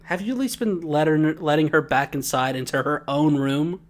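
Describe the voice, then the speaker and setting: A man's voice: on the high side, normal speed. A man co-hosting a podcast, joking and teasing his co-host in casual chat.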